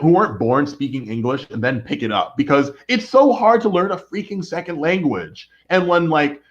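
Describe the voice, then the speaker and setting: A young American man co-hosts a casual podcast and rambles along, packing his sentences with "like". His voice sits a little high and swings widely in pitch. The recording is dull and lo-fi. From United States. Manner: rambling, heavy on fillers like "like". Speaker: podcast co-host. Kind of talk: casual chat.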